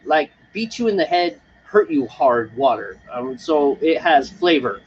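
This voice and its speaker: A man's voice: fairly high pitch, sing-song, unhurried, muffled recording, slight background noise. A man co-hosting a homebrewing live stream outdoors on a porch, chatting casually and rambling with frequent laughs. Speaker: homebrew show co-host. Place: front porch patio, outdoors.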